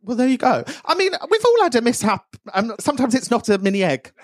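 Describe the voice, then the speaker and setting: A man hosts a live podcast on stage, bouncing between crude stories and banter with the crowd. His pitch leaps all over the place, and he laughs through much of what he says. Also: quick pace. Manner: animated, swearing, laughing often. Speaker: podcast host. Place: live venue with audience.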